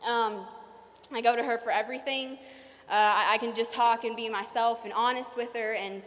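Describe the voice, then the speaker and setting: A young woman giving a graduation speech as salutatorian, nervous and fast, with many fillers. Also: on the high side, fairly even intonation, a bit bright. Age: young adult. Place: large hall. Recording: reverberant hall.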